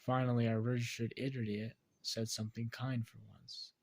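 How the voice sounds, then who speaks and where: A man voicing a calm, dry adult ninja teacher in a fan story. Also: medium pitch, moderate pace, natural voice.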